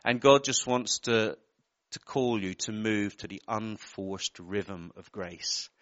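A man's voice: fairly low pitch, steady tone, takes it slowly, fairly bright tone, no echo, highs cut off. A man preaching a sermon, giving earnest personal words to people in the congregation and often breaking off with apologetic asides.

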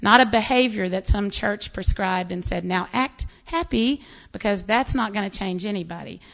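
Gravelly-voiced American woman preaching. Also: medium pitch, moderate pace. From United States. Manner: animated storytelling with quoted voices and laughs. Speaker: pastor. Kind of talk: sermon.

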